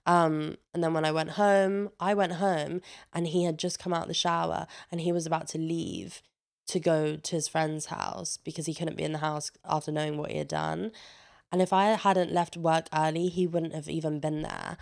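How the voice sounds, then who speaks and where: Speaking at an ordinary pace in a low, creaky voice, a vlogger in her twenties shares a frank personal story. She's chatty, curses liberally, and acts out other people's words in animated fashion.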